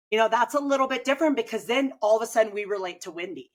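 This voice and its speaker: A woman's voice: fairly high pitch, fairly quick. A woman coach and host in casual conversation, chatty and acting out what people say. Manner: chatty, animated, acts out quoted remarks.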